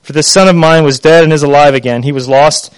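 A man's voice: on the high side, steady tone, quick pace, clear, resonant tone, no room sound, natural voice. A man voicing a joyful, forgiving father giving urgent orders to his servants in a scripture reading. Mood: jubilant. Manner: urgent, jubilant.

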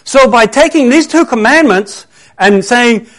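A man's voice: very high voice, lively intonation, measured pace, a bit bright. A middle-aged man preaching a conversational sermon, earnest and full of rhetorical questions.

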